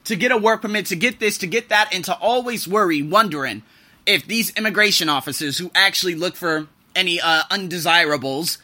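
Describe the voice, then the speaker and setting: A young man hosts his podcast solo in a loose, animated monologue. His voice sits high and sounds very bright and sharp. He cusses freely and swings from loud outbursts to low grumbles. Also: fairly quick. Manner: animated, profane, swings between shouting and muttering. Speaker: podcast host.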